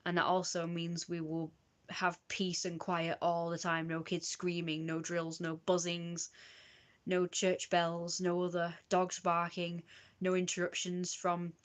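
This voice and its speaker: A British woman with a slightly low voice streams herself reading old diary entries aloud. She moves through the pages haltingly, tripping over her own old writing and picking the sentence back up. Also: monotone. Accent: British English.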